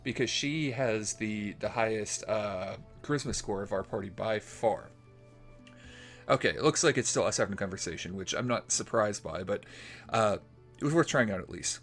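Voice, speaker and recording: A man's voice: lowish voice, animated, moderate pace, soft background music. A man hosting a let's play, commenting casually on a role-playing game as he plays, rambling with fillers and restarts. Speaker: gaming channel host.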